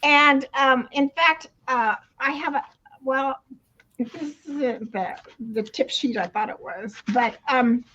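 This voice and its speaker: An older woman with a high voice explains her coaching in a loose, rambling way, full of restarts and easy laughter. The recording is dull and lo-fi. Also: takes it slowly, sharp tone. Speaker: retirement coach. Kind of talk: casual interview talk. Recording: dull lo-fi sound.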